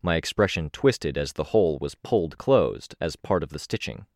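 A man narrating an audiobook in the first person, with a steady, measured delivery. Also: extremely low pitch, no echo, studio quality.

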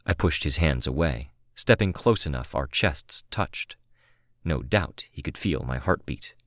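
Deep, slow male audiobook narrator. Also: no room sound, clean studio sound. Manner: calm, measured, first-person reading. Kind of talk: scripted narration of a novel.

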